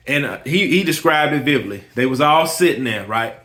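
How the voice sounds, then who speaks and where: An emphatic man in a medium-pitched voice, talking earnestly to the camera about his own business. He repeats himself for emphasis and keeps urging the listener to listen as he tells a story. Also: expressive, a little fast, few pauses, pushed and bright. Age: adult with kids. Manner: storytelling with quoted dialogue. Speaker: lawn care business owner. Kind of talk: motivational personal talk.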